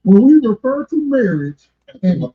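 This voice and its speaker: A man's voice: very high-pitched, very animated, measured pace. A man on a talk show panel, arguing bluntly and profanely about marriage. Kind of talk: heated panel debate. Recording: echoey, dull lo-fi clip.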